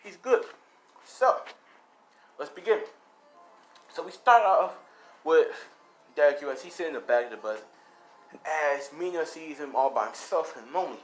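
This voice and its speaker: A man's voice: on the high side, lively intonation, moderate pace, pauses often, faint music behind, rough recording. A man casually narrating an improvised fan story in a loose, rambling way with swearing.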